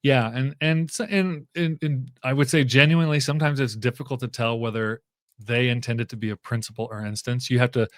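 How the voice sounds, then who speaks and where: A man's voice: medium pitch, fairly even intonation, brisk, a bit bright, dry recording, clean studio sound. A man speaking as a guest professor in a casual interview, thinking aloud with frequent fillers and restarts.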